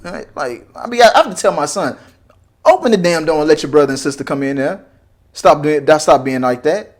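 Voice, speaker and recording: A man's voice: on the high side, brisk. A man in his forties giving a casual opinion rant as a reaction video host, full of slang and mocking put-on voices. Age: 40s. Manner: animated, mocking voices in quotes, frequent repeats and slang.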